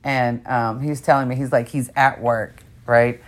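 A woman telling a frank, profane story in casual chat, quoting others in animated voices and laughing often. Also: rumbling low, a little slow.

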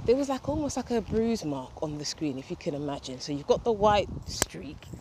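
Breathless woman host, rambling chat, headset mic, windy park, steady outdoor noise. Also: on the low side, a little fast. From England. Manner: chatty, rambling, swears casually. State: slightly out of breath. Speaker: podcast host. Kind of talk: casual solo podcast monologue. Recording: outdoor wind and street noise.

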